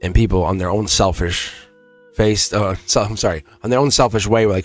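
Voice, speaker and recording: Low-voiced man reading tarot live. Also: steady tone, fairly quick, faint music behind. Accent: Boston. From England. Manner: rambling, restarts, chuckles often. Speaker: tarot reader on a livestream. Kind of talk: casual livestream tarot reading.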